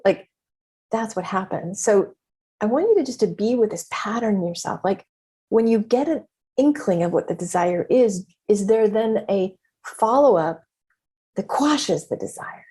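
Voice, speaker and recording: A woman's voice: mid-range voice, moderate pace, a little mellow, slightly rough. A middle-aged woman hosting a podcast, talking candidly and expressively and swearing freely as she reflects. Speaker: podcast host and business mentor. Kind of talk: casual spoken reflection.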